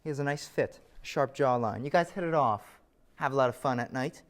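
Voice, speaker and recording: A man's voice: mid-range voice, a little fast. A man giving a scripted lecture, telling an illustrative story with wry asides.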